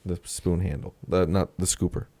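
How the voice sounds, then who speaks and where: A man's voice: low-pitched, level tone, moderate pace, warm tone. A man co-hosting a casual comedy tech podcast, joking around and playful. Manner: jokey, playful, drifts into put-on voices. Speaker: podcast co-host. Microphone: webcam.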